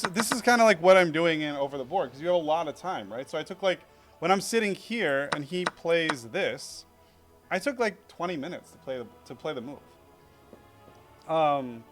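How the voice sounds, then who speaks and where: A man's voice: fairly high pitch, a bit bright. Rambling young man reviewing chess. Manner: rambling, filler-heavy, self-critical. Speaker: chess streamer reviewing his own game. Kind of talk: casual game review.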